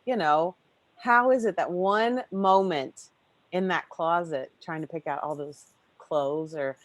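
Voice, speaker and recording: Woman host, low-ish voice, dry close mic, chatty and gushing, drops a casual curse. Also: measured pace, no echo. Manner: effusive, rambling, swears casually. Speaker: podcast host. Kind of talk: casual podcast chat.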